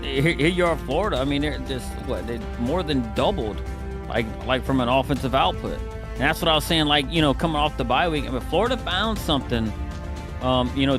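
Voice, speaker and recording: A man giving sports color commentary in a loose, rambling way, talking through his thoughts. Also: mid-range voice. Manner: rambling, full of fillers and restarts. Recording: music bed behind the voice. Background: background music.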